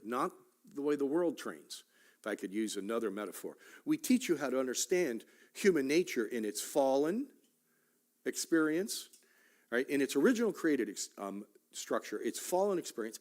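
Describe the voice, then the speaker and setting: A man's voice: medium pitch, a little mellow. Guy teaching sunday school, voice bounces up and down a lot, jokey asides, keeps asking "right?". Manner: joking asides, frequent "right?" and "okay?". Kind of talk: conversational church teaching. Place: church Sunday school class.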